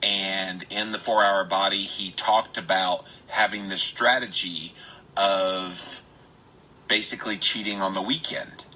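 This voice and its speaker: A man hosting a live stream, chatting with viewers, greeting them by name and stressing words with drawn-out emphasis. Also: sits low, steady tone, sharp tone, a little hiss or hum, poor audio. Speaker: health podcaster.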